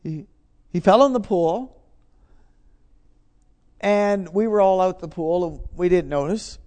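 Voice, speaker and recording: A man's voice: sits high, slow pace, mellow. A middle-aged man preaching, telling a personal story with emphatic, repeated phrases. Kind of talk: sermon testimony.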